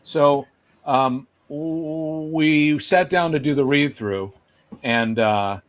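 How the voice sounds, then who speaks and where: Man telling a story with lively acted-out quotes. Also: a little high, slow pace. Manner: animated, acts out quoted voices. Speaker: guest puppeteer. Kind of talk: casual anecdote telling.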